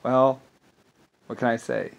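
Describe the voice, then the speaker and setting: Guy ranting on his vlog, mad and swearing a lot, stumbles and repeats himself, normal pitch voice. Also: fairly even intonation, takes it slowly, vocal fry. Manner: profane, indignant, repeats words when stumbling. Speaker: vlogger. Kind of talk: angry rambling monologue.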